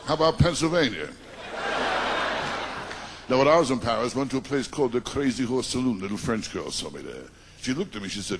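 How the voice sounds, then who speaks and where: A stand-up comedian from Long Island, rattling off self-deprecating one-liners and teasing the crowd. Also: male voice, mid-range voice, expressive, fast talker, noisy background. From Long Island, New York. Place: comedy stage before a live audience. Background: audience laughter.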